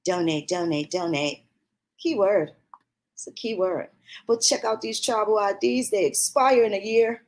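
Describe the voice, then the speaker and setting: Profane ranting woman, high voice. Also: normal speed, a little mellow. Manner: profane, heated, mocking. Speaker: commentary vlogger. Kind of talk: ranting commentary.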